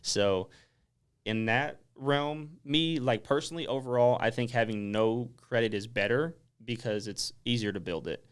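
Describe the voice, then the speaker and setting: A man's voice: medium pitch, moderate pace, clean tone. A man being interviewed as a guest on a radio talk show, explaining things casually and filling his sentences with "like". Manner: relaxed, explanatory, lots of "like" fillers.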